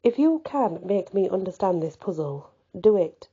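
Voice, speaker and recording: A woman's voice: medium pitch, sing-song, moderate pace, dark tone, husky, lo-fi sound. A woman reading aloud, voicing a young man who speaks in a puzzled, questioning way.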